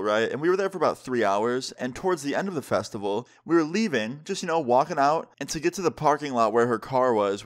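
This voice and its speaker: A young man recounts a personal story for his vlog in a casual, slangy way. His delivery is animated and emphatic as he leans into the dramatic moments. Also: medium pitch. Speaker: vlogger telling a story.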